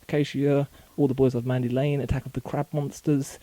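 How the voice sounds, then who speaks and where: Guy in his bedroom, super deep mellow voice, rattling through a list w little slip-ups. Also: level tone, no echo. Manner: rattles off titles quickly with small slips and self-corrections. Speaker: video blogger. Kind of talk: casual vlog, reading out a long list.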